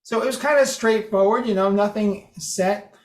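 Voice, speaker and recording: A man with a high voice talks a group through settings in a relaxed, joking way. The room around him is roomy and echoing. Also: moderate pace. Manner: chatty, dry humor, mimics phrases. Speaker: presenter demonstrating speech software. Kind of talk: casual group meeting talk. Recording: roomy echo.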